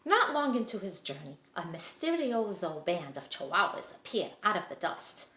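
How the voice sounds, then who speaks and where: Woman teacher narrating a picture book; animated, lively delivery in an echoey room. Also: on the low side, moderate pace, few pauses. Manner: expressive, animated read-aloud. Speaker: teacher reading aloud. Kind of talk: children's storybook reading.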